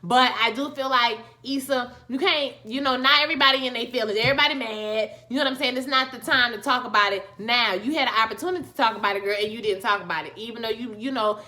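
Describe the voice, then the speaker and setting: A woman with talks through a TV episode recap in a lively, sassy way. Her voice sits high and bright. She exclaims freely and speaks straight to her viewers. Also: quick pace, hardly any pauses. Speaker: YouTube TV recap host. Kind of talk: casual spoken show review.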